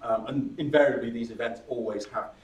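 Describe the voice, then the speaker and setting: In a workshop room, a brisk man with a mid-range voice presents a startup workshop on presentation skills, chatty and animated, playing audience members with laughing asides. A distant mic gives roomy echo and a little hiss or hum.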